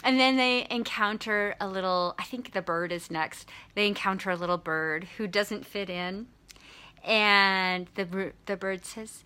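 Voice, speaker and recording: A woman hosting a short video, retelling a children's story in an animated, chatty way. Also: medium pitch, measured pace, clean tone. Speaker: host.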